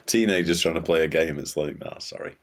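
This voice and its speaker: Very deep-voiced male podcast guest. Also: a little hiss or hum. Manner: halting, full of restarts and chuckles. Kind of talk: casual conversation.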